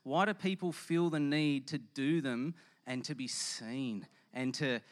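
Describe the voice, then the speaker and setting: A man's voice: medium pitch, a little slow. A man preaching a casual, joking sermon to a live audience, asking them questions and telling stories. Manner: chatty, joking, addresses the audience. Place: hall with audience.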